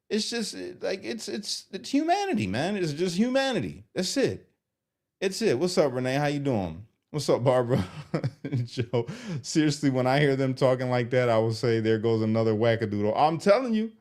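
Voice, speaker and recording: Lively exasperated man streaming. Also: medium pitch. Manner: animated and exasperated, reads comments aloud. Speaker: streamer reacting to comments. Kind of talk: live commentary.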